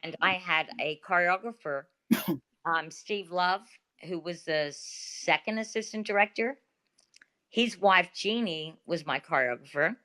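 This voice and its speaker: A woman with an Australian accent, a guest telling stories in a chatty, animated way full of fillers, over a video call. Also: fairly low pitch, unhurried. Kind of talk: casual interview talk.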